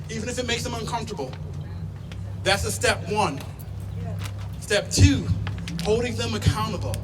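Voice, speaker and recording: A man giving a rally speech at a protest, building his points through rhythmic repetition. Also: sits high. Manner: rhythmic, repeating oratory. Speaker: protest speaker. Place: outdoor street protest. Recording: distant mic, loud street noise.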